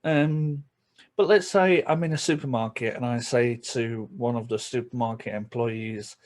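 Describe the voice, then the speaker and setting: A man with a Yorkshire accent chatting casually to camera as a vlogger, chuckling between remarks and slipping into quick asides. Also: mid-range voice, darkish tone. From England.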